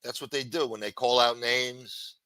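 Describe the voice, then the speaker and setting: A man's voice: medium pitch, fairly even intonation, normal speed, sharp tone, no room sound, low-quality recording. A man hosting a livestream, ranting heatedly with heavy profanity and sarcasm. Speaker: livestream host.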